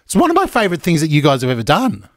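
A man's voice: on the high side, wildly swooping pitch, rapid-fire, no echo. An Australian man hosting a morning radio show, joking energetically and stumbling through restarts. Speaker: radio host. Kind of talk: casual radio chat. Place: radio studio.

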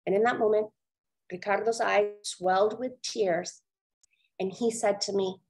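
A woman from India giving an earnest, measured storytelling talk on a webinar over a video call. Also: mid-range voice, rough recording. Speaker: webinar speaker.

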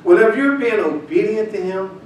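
A man preaching a sermon, telling a folksy personal story before building to loud, shouted scripture reading. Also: high-pitched, lively intonation, moderate pace, faint music behind. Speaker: pastor. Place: church sanctuary. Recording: echoey church hall, distant mic. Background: congregation responses, room ambience.

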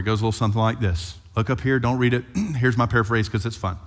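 A male pastor preaching an animated sermon and retelling scripture playfully. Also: medium pitch, fast talker. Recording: long hall reverb.

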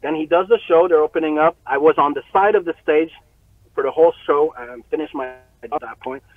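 A man telling a story as an interview guest, profane and animated, often breaking into laughter. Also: fairly high pitch, fairly quick, dry recording. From Montreal. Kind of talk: casual storytelling. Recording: tinny phone-like line, very dry.

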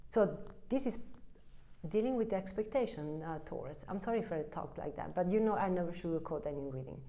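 Expressive and a little fast, this tarot card reader's lowish, warm voice carries an Italian accent and broken English. Reading straight to camera, she's blunt and emphatic and voices what the listener is thinking inside.

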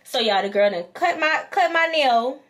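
A woman's voice: high-pitched, expressive, normal speed, fairly bright tone. A woman vlogger, animatedly telling a storytime and acting out both sides. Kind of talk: storytime vlog.

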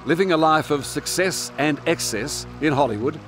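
A man with an Australian accent reading scripted TV news narration in a punchy, measured way. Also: a little high. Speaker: reporter narrating. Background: music under the voice-over.

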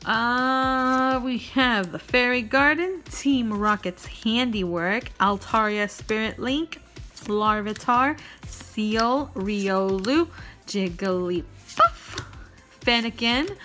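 A woman opening trading card packs on camera in a chatty, self-joking way, breaking into gasps of excitement. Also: a little high, takes it slowly, faint music behind. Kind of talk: casual pack-opening chat.

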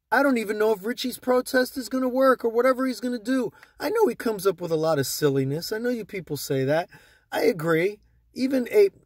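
A man's voice: high-pitched, no room sound, studio quality. A man ranting angrily at his viewers about the stock market, swearing often and repeating himself. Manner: heated, profane, repetitive ranting. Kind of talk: angry ranting vlog to viewers.

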